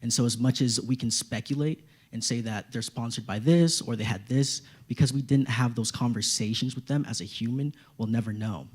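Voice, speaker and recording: A young man, a student government candidate, giving a measured, reasoned debate answer. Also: medium pitch, husky.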